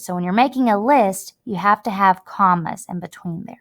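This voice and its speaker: Woman teacher, mid-pitched, chatty and emphatic, talks students through a writing lesson. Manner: chatty, emphatic, drawn-out words when demonstrating. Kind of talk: classroom writing lesson over screen recording. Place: at a computer, recording her screen.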